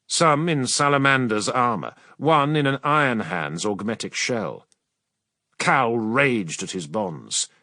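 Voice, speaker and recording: Male audiobook narrator, dramatic, very animated pitch, dry close sound. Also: dry recording. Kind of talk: scripted narration.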